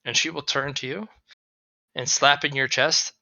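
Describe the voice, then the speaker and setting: A man's voice: medium pitch, normal speed, gravelly, dry recording, poor audio. A man running a tabletop game as game master, narrating and swearing freely. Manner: animated, swearing, shouts out players' lines.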